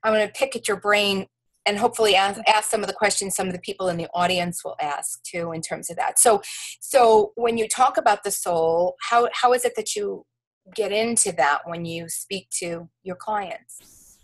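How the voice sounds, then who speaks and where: A woman hosts an interview in an enthusiastic, effusive way. Her voice sits at a middle pitch as she introduces her guest and asks questions. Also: fairly quick, poor audio. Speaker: interview host. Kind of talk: interview conversation.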